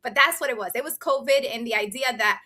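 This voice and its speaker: A woman, a business owner being interviewed, telling her story in an animated, emphatic way. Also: a little high, quick pace. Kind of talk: casual interview chat.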